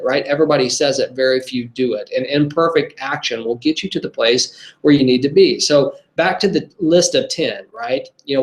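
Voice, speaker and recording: Emphatic male marketing coach. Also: medium pitch. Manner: emphatic, repetitive, with fillers. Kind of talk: motivational lesson. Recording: roomy echo.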